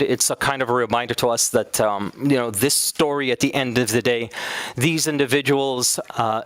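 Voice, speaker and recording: A man's voice: mid-range voice, fairly bright tone, no room sound. A man teaching an Islamic studies class in a casual, conversational way, now and then acting out quoted speakers.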